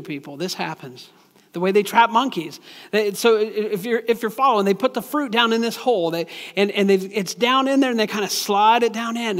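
A man's voice: sits high, fairly bright tone, big-room sound. A man preaching a sermon in a plain, conversational way, often stopping to restart his sentences.

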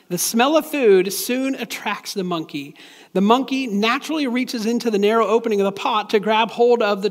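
A man's voice: sits high, long reverb tail. A man preaching a sermon in a plain, conversational way, often stopping to restart his sentences.

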